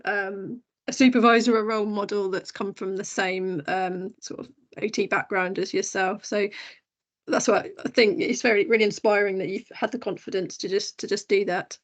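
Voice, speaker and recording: A woman with a gravelly, creaky voice hosts a casual interview. She asks considered questions and answers her guest with steady, encouraging agreement. Her pitch sits in an ordinary middle range. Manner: encouraging, frequent affirming backchannels. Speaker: podcast host.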